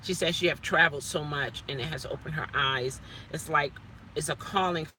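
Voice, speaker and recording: A woman's voice: deep voice, moderate pace, bright, forceful tone, a little hiss or hum. A woman rideshare driver chatting casually to her vlog from inside her car, rambling with little self-talk asides.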